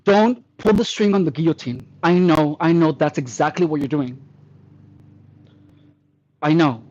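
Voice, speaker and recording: A man with a somewhat high voice leads a workout with tongue-in-cheek instruction, counting reps and praising himself in a mock-delicate way. The recording sounds dull and lo-fi. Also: unhurried, a little mellow. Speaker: fitness trainer.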